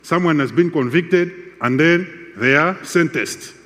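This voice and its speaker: A man preaching a sermon with a measured, emphatic delivery and repeated phrases. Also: a little high, a bit bright, in a large hall.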